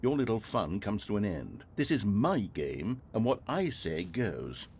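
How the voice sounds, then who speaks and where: A man playing a condescending, controlling game narrator in a scripted story game, with a husky, dry delivery. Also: lowish voice, big pitch swings, unhurried, a little mellow, a little hiss or hum, full character voice. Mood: smug.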